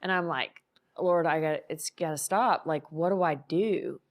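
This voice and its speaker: A woman's voice: low voice, unhurried. A married woman co-hosting a casual faith podcast, telling a personal story earnestly and acting out quoted lines. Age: adult, married. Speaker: podcast co-host.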